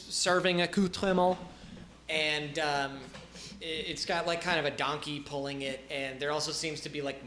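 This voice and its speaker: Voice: mid-range voice, pushed and bright, reverberant, a little hiss or hum. A game master narrating a tabletop game in a loose, laughing way, with many fillers.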